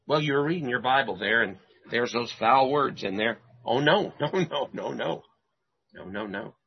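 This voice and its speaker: A man's voice: medium pitch, expressive, normal speed, creaky, husky, muffled recording. A man preaching a sermon who asks rhetorical questions and repeats his phrases for emphasis.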